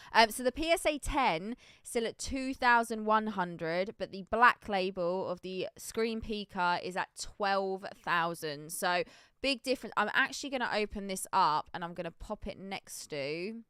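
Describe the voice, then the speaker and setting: Woman, streamer host, very clear smooth voice, dry close sound, giggly, casual chat. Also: medium pitch, expressive, normal speed, a bit bright, no room sound. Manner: giggly, playful, reads out prices.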